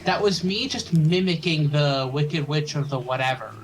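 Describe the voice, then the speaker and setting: A man's voice: a little high, moderate pace, soft background music. A man co-hosting a let's play in casual chat, hesitant and rambling with goofy jokes.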